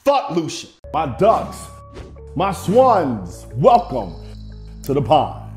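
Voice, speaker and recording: A man hosting his own channel, giving casual, excited commentary on a clip. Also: a little high, very slow. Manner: hyped, expressive. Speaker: video host. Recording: roomy echo with faint music.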